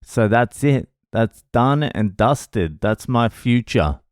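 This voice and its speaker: A man's voice: medium pitch, lively intonation, slow, dry recording, studio quality. A man, a comedian, telling a story in a casual vlog with a sardonic, profane manner.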